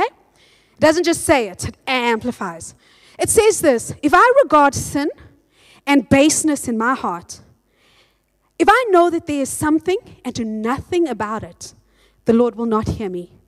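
Woman pastor preaching, high voice, reads scripture, acts stuff out. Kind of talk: sermon.

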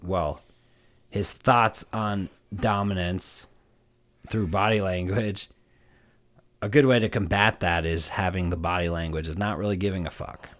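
A male podcast co-host with a low voice, talking casually. He is blunt and laid-back, and he swears freely as he makes his points. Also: steady tone, a little slow, a bit bright. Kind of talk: casual chat.

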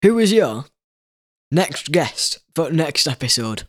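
A young man, co-hosting with his father and teasing him in a deadpan way with short answers. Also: on the high side, slow, dry recording, clean studio sound. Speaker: host's son, co-host.

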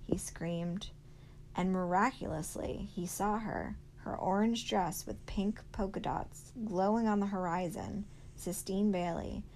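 Woman reading a novel aloud, gravelly. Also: mid-range voice, unhurried, a little hiss or hum, poor audio. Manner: steady storytelling read-aloud. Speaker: teacher.

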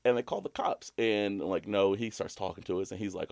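Young man, very low voice, loose sweary storyteller, dry close mic. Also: fairly quick, gravelly, no room sound. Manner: rambling, animated, swears a lot, jumps to a high voice when quoting himself. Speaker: podcast co-host. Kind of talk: casual storytelling chat.

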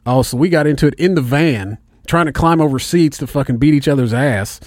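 A man from Indiana telling a story in casual chat, animated and heavy on swearing. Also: on the high side, fairly quick, no echo, studio quality.

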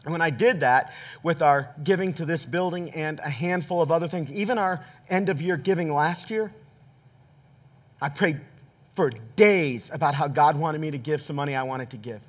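A man's voice: fairly high pitch, moderate pace. A man preaching a sermon as pastor, speaking earnestly and directly to his congregation. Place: church sanctuary. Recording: reverberant church hall.

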